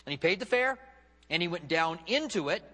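A man's voice: high-pitched, animated, brisk, pushed and bright. A male pastor preaching a sermon, acting out quotes with big dramatic swings in his voice. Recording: long hall reverb.

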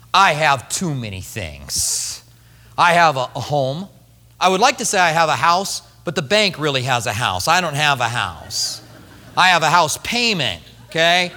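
High, bright-voiced preacher in an echoey hall. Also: male voice. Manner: conversational, joking asides to the congregation. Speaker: pastor. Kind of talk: sermon.

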